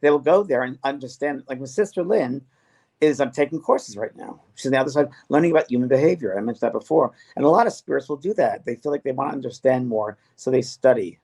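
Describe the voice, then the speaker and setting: A man's voice: medium pitch, animated, darkish tone. A man hosting a casual spiritual chat as a medium, talking earnestly with frequent restarts. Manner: earnest, halting with many restarts. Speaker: medium and host.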